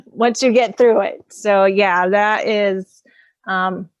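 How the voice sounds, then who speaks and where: A woman's voice: mid-range voice, steady tone, takes it slowly, smooth, dry recording. Candid woman telling her story, dull. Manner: candid, laughs often between thoughts. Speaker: empowerment coach and author, guest. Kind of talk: casual personal storytelling.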